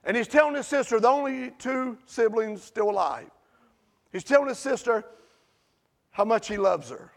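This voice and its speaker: A preacher man with a strikingly high, gravelly voice tells a story from the pulpit, his delivery animated and swelling into shouts at its peaks. The sermon style is lively and conversational. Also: normal speed. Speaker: pastor.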